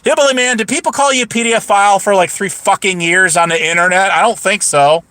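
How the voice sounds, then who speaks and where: A man's voice: high-pitched, fast talker, pushed and bright, no echo. A man rambling on a livestream while driving home, profane and combative, with lots of fillers, restarts and taunts at viewers. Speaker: livestream host. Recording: noisy car cabin.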